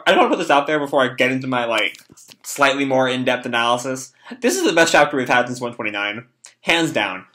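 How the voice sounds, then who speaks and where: A man's voice: medium pitch, pushed and bright. A young man reading and reacting to a manga chapter in casual, rambling talk with swearing and lots of fillers.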